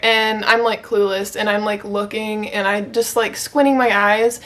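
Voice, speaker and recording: A woman's voice: medium pitch, fairly even intonation, normal speed, fairly bright tone. A young woman from Michigan telling her proposal story to the camera, gushing and emotional, with lots of "like.". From Michigan, USA. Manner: gushing, emotional, heavy use of "like". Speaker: vlogger.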